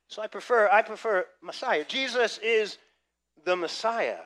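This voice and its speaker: A man preaching a sermon, lively and conversational, swinging between loud emphasis and quiet asides. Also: high voice, normal speed. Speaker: pastor.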